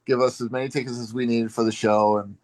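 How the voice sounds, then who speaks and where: A man's voice: medium pitch, level tone, fast talker, no echo. Chatty man on a dry video call. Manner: chatty, rambling with restarts. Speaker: longtime fan, group member. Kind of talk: casual storytelling on a live video chat.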